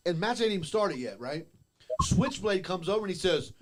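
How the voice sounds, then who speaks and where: A man's voice: sits high, animated, brisk. Drawling man, faint hiss. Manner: drawling, laughs often, trails off quietly. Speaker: former wrestler, podcast host. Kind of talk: casual storytelling chat.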